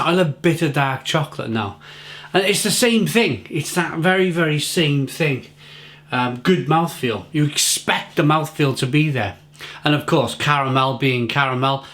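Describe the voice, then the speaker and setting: A man's voice: fairly high pitch, fairly bright tone. A middle-aged man giving a casual, enthusiastic beer tasting review, often repeating and restarting his words.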